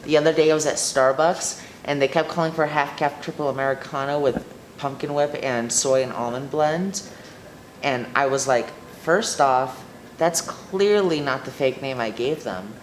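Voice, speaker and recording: A woman's voice: extremely low pitch, moderate pace, slight background noise. A young woman playing Karen, an entitled new group member, ranting indignantly in a student sketch comedy.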